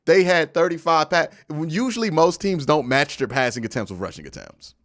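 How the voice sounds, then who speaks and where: A man's voice: on the high side, a little fast, dry recording, studio quality. A young man hosting a casual live-stream sports show, arguing his points with energy and answering viewers' chat messages. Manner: animated, argumentative, reads and answers viewer chat. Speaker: host of a live football post-game stream.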